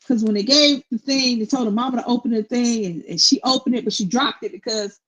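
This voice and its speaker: Woman, middle-aged, husky, higher pitch, blunt, opinionated, even-toned. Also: a little fast, rough recording. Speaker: co-host. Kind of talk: casual commentary.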